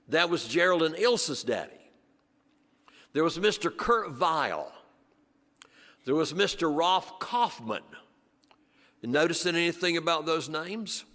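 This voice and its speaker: An older man from western North Carolina, telling a story to an audience in rhythmic repetitions that sink low and soft on the refrains. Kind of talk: storytelling performance. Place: church sanctuary before an audience. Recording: long church reverb.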